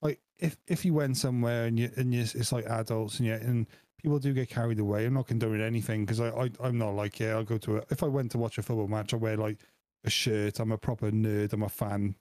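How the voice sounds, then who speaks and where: A man's voice: lowish voice, steady tone, fast talker, darkish tone, no echo. A man, co-hosting a podcast and telling stories with a laugh. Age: 40s. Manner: laughing, storytelling. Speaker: podcast co-host. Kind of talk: casual chat.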